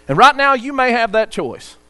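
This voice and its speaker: A man's voice: very high voice, sing-song, moderate pace, sharp tone, smooth. A man preaching a sermon, earnest, reading scripture aloud and telling a story to the congregation.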